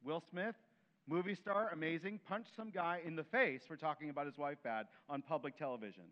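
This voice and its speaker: A man preaching a sermon in an animated way, acting out quoted voices and dropping to soft, gentle tones. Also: on the high side, fairly quick, muffled recording. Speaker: pastor.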